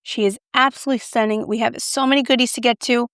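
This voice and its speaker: A woman's voice: on the high side, steady tone, fast, a bit bright, dry recording, clean studio sound. Gushing woman beauty vlogger. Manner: gushing, effusive, repeats "beautiful". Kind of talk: makeup review vlog.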